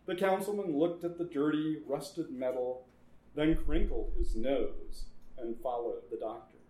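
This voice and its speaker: A man's voice: mid-range voice, measured pace, mellow. Man reading a story in an echoey room. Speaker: narrator.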